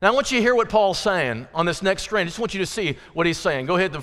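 Man, preacher, high-pitched voice, conversational sermon, long church reverb. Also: lively intonation, fast talker, few pauses, fairly bright tone. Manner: conversational, folksy preaching with asides to the congregation. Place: church sanctuary.

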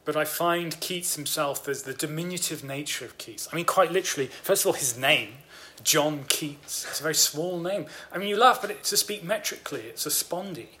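A man's voice: a little high, a little fast, few pauses, pushed and bright, a little hiss or hum. A man co-hosting a casual podcast about books, explaining his ideas at length with eager enthusiasm. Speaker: podcast co-host.

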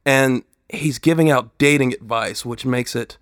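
A man in casual podcast chat, talking quickly, laughing often and breaking into impressions. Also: mid-range voice, no echo, clean studio sound. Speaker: podcast host.

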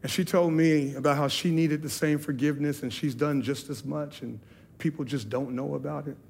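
A man's voice: on the high side, steady tone, moderate pace, gravelly, darkish tone, husky. A man preaching at a church service, telling his own story in an earnest, confessional way. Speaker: pastor. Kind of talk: sermon testimony.

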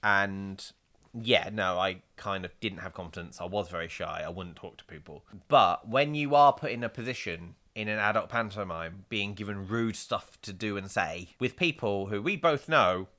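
A man in his thirties chatting casually as a podcast co-host, animated and quick to laugh as he tells stories. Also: fairly low pitch. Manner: animated, laughs often, storytelling. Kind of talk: casual chat.

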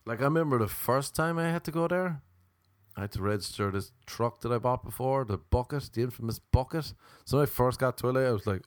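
A man from Ireland doing a crude, comedic monologue as a podcast host, storytelling with big animated swings. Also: mid-range voice, fairly quick, no room sound.

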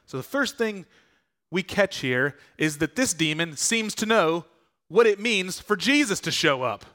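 Male pastor, conversational earnest sermon delivery, slightly raised pitch. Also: lively intonation, measured pace, pushed and bright. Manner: conversational, earnest preaching with rhetorical questions.

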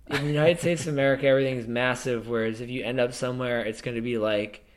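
A man's voice: medium pitch, steady tone, quick pace. A man co-hosting a podcast, rambling casually with restarts and the odd swear word. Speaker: podcast co-host. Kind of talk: casual chat.

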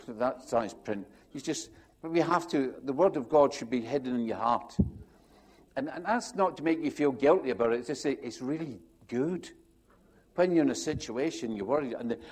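A man, a pastor, preaching a sermon in an animated, rambling way, acting out quotes and restarting his sentences. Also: mid-range voice, normal speed, husky.

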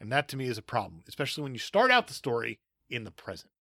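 With huge pitch swings and a racing pace, this man co-hosts a podcast, casually arguing strong opinions about movies, emphatic and quick to laugh. His medium-pitched voice is creaky, bright, and forceful, heard in clean studio sound with no echo.

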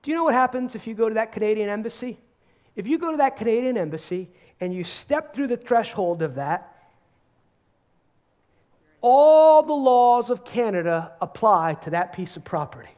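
A man preaching a sermon, emphatic, repeating words for stress and swinging between loud bursts and hushed asides. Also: very high-pitched, highs cut off.

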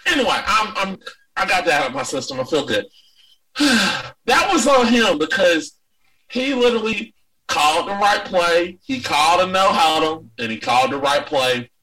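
A man's voice: high-pitched, moderate pace, far from the mic, low-quality recording. A man co-hosting a casual sports chat, ranting and swearing with lots of energy. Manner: profane, ranting, animated. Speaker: podcast co-host.

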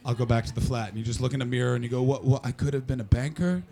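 Gravelly guy doing stand-up, loud and cheeky, swearing a lot, crowd laughing in a small club. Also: mid-range voice, racing. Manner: brash, profane, animated storytelling. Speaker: stand-up comedian. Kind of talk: stand-up comedy with crowd work. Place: comedy club cellar venue.

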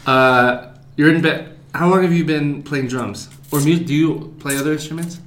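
A man's voice: a little high, normal speed, a bit bright, reverberant. A man hosting a casual podcast, teasing his guest with crude jokes. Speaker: podcast host.

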